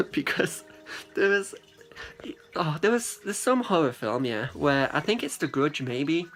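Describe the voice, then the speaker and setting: A young vlogger rambles casually to a friend, chatty and profane, often acting out what people said. His voice is a little high, animated and fairly bright, with faint music behind.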